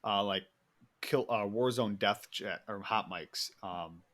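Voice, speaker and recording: A man's voice: on the low side, slow, fairly bright tone. Laughing, rambling young man on a podcast. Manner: rambling storyteller, laughs often, swears freely. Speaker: podcast co-host. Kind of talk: casual chat.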